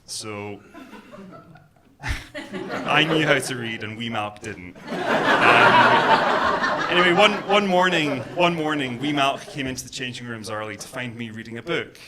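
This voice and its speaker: Before a live crowd in a comedy club, a Scottish comic from Glasgow, with a mild local accent, speaks at a measured pace in a medium-pitched voice over the noisy audience. His set is chatty and self-deprecating, dotted with ums and uhs, and laughter rings out in the recording.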